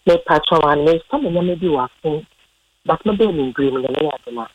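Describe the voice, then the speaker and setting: Lively Ghanaian woman caller. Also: deep voice, a little fast, husky, dry recording, muffled recording. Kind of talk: phone-in chat, English and Twi mix.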